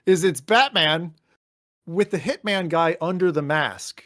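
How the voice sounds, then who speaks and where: A man's voice: on the high side, unhurried, a bit bright, no room sound, studio quality. A man co-hosting a podcast, chatting casually and animatedly, slipping into mock voices and swearing. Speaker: podcast co-host. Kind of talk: casual chat.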